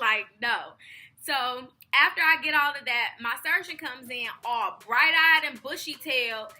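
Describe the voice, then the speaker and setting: A woman's voice: sits high, a little slow, bright, forceful tone, slight background noise. A young woman telling a chatty storytime vlog and acting out the people in it. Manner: chatty, acts out quoted people. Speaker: vlogger. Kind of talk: casual storytime.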